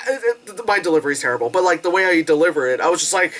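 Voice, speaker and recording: With a fairly low pitch and a fast pace, a young adult woman rattles off a casual movie review. She's bubbly and giggling, swears freely, and squeals as she acts out quotes.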